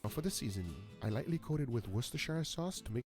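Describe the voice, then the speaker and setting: A man's voice: medium pitch, animated, fast, over music. A man giving upbeat, scripted narration for a cooking video. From Brazil. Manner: upbeat, enthusiastic presenter.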